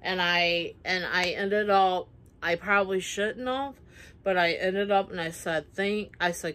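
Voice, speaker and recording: Slow-talking woman telling a rambling story. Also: on the low side, a bit bright. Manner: rambling, many fillers, acts out quoted lines. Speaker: vlogger. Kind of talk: casual storytime vlog.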